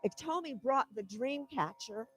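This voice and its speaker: A woman's voice: a little high, animated, unhurried, husky, low-quality recording. A woman giving a spiritual talk, telling a personal story in an earnest, heartfelt way. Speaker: guest speaker.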